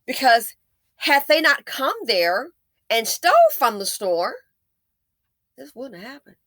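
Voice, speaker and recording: A woman hosting an opinion commentary, sarcastic and emphatic, swinging between loud stresses and low muttered asides. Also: no echo. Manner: sarcastic and emphatic, with repeated jabs. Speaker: commentary channel host.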